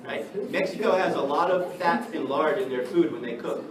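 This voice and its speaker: A man from the United States teaching an English class, lively and checking in with the students by asking "right?" again and again. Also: a little high, moderate pace, few pauses, crowd noise. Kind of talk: classroom lecture. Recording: echoey classroom from far off, noisy.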